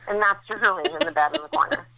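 A woman's voice: mid-range voice, animated, fast talker, vocal fry, a crowd in the background, low-quality recording. A woman in her thirties, a podcast co-host recovering after childbirth, telling stories in a candid, chatty way with many fillers. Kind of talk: casual chat.

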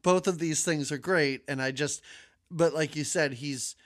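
A man co-hosting a podcast, chatting casually about a film with lively, jokey asides. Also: a little high. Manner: animated, jokey, quick asides. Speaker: podcast co-host. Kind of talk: casual movie recap chat.

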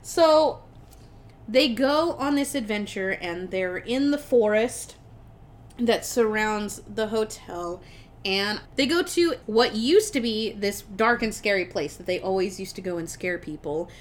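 A woman's voice: medium pitch, unhurried, a little hiss or hum. A young adult woman co-hosting a podcast, casually recapping a movie plot with lots of swearing and laughter. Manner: animated, swears freely, laughs while retelling. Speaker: podcast co-host.

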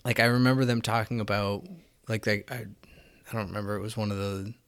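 A man's voice: on the low side, fairly even intonation, a little fast, a bit bright, clear, resonant tone. A man co-hosting a casual chat, thinking aloud in a hesitant way. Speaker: podcast co-host.

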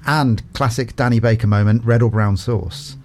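A man hosting a radio show, firing off playful quick questions and laughing often. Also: medium pitch, darkish tone. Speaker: radio host. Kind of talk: casual quick-fire interview.

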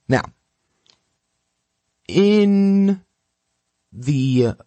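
A man's voice: mid-range voice, a little mellow, breathy edge, dry recording. A man working as a dog trainer, giving emphatic instructions and checking in often with the listener. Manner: emphatic, keeps checking in with "okay?". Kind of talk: instructional talk.

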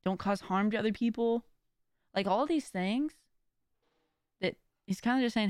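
A woman hosts a casual, faith-centered pep talk in a clear, smooth, mid-pitched voice. She sounds earnest and encouraging, filling her sentences with "like" and "kinda". The recording is dry and close. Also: a little slow, long pauses, a little mellow, no echo. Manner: chatty, full of "like" and "kinda". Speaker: podcast host.

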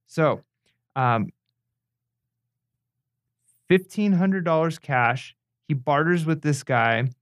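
A man's voice: medium pitch, no echo. Laid-back male co-host, dry close sound. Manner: relaxed, hesitant, many fillers and restarts. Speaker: podcast co-host. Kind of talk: casual chat.

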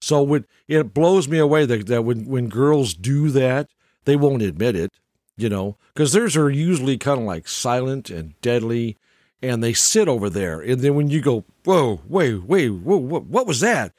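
A man's voice: medium pitch, animated, normal speed, a little mellow, dry recording, clean studio sound. An older man telling stories in a casual, rambling monologue, chuckling often and restarting his sentences. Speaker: storyteller.

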